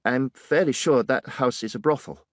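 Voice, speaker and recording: A man's voice: medium pitch, normal speed, dry recording, studio quality, voice pushed up, close to an everyday voice. A man voicing a young, earnest and nervous police sergeant with a polished English accent, polite and deferential. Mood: hesitant. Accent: English, Home Counties.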